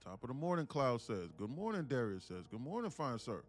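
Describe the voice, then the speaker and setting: A man's voice: mid-range voice, very animated, fairly quick, soft background music. A man hosting a casual livestream, greeting viewers by name, laughing easily and swearing freely. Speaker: livestream host, day trader.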